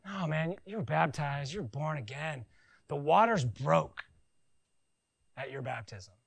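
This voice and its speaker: A man preaching a conversational sermon, joking and animated, with silly voices in his asides. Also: fairly high pitch, a little slow, creaky, breathy edge, dry recording, low-quality recording. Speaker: pastor.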